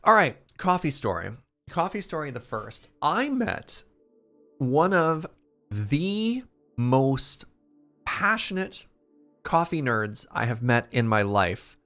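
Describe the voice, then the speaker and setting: A man telling a casual, animated story on a stream, excitable and quick with quoted asides. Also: medium pitch, soft background music.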